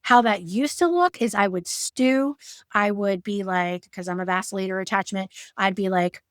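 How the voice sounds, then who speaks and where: A woman's voice: medium pitch, moderate pace, dry recording, clean studio sound. A woman coach teaching about couples work after betrayal, talking in a conversational way with fillers and acted-out quotes. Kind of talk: educational talk with personal examples.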